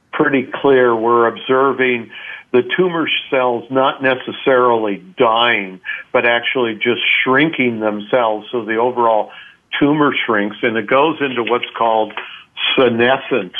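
A man speaking as a doctor guest in a radio interview, explaining patiently with frequent hesitations. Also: medium pitch. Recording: phone line.

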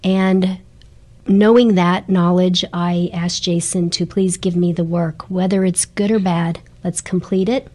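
A middle-aged woman tells her stories as an interview guest, earnest and animated. Her voice sits a little low. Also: measured pace. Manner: earnest and animated, laughs while telling stories. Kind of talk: storytelling interview chat.

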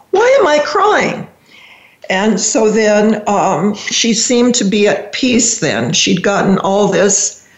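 An older woman, a radio show guest, telling a personal family story in a reflective, halting, emotional way. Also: medium pitch. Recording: roomy echo.

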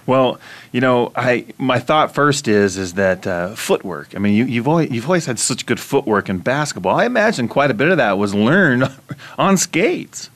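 Host, male, mid-pitched, conversational, quick to laugh. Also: very animated, a bit bright. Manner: chatty, laughs often, leading questions. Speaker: interview host. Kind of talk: casual interview.

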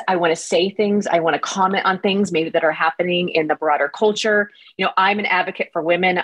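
A woman's voice: on the low side, breathy edge. A woman talking as a leadership-coach guest in a podcast interview, candid and reflective, speaking in long runs.

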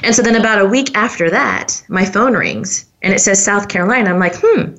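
A woman's voice: mid-range voice, a little fast, a bit bright. A woman hosting a podcast, telling a personal story in an earnest, heartfelt way straight to her listeners. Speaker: podcast host.

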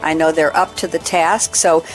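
A woman's voice: low voice, fairly even intonation, normal speed, over music, low-quality recording. A woman hosting a radio talk show, bubbly and playful, laughing often. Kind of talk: lively hosted radio talk.

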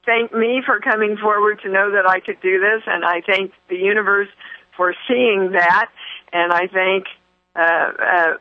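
A woman's voice: medium pitch, steady tone, a little slow, dry recording. Woman rambling on a tinny phone line. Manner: effusive, rambling, frequent fillers and restarts. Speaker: radio show host. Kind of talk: spiritual talk show monologue.

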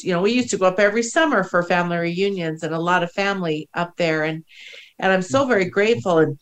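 A woman's voice: lowish voice, quick pace. Emotional woman podcast host. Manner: warm, emotional, laughs often, restarts a lot. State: teary, emotional. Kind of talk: casual spiritual podcast chat.

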